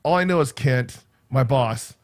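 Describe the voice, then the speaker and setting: Speaking a little slowly in a medium-pitched voice, a man chats on a laid-back livestream from a room in his home. His talk wanders, and he keeps ending sentences with "right?"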